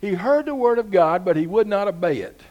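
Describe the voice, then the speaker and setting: A man's voice: high-pitched, expressive, brisk, lo-fi sound. A man preaching a sermon as pastor, talking to the congregation in an easygoing way with rhetorical questions and rising emphasis.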